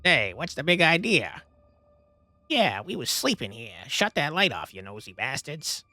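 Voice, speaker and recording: A man plays a gang of cranky bats in a video game, snapping indignantly at being woken. The voice is sharp and piercing with a bouncy, lively pitch, coarse and ungrammatical. It's dry and close, with faint music behind. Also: a little slow, no room sound, heavily acted. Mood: annoyed. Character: grumpy rude bats woken from sleep.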